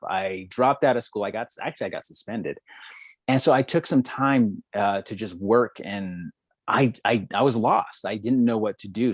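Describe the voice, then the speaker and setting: A man's voice: on the low side, no echo. Earnest man telling his story. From New Mexico, United States. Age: 30s. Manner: reflective and earnest, with frequent restarts. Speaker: podcast guest, law student. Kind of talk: candid personal storytelling.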